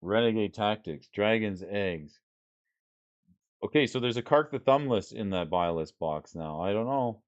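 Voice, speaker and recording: A man's voice: lowish voice, animated, a little slow, highs cut off. A man streaming casually, reading card names and rules aloud and chatting with his viewers. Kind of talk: casual livestream chat while sorting cards.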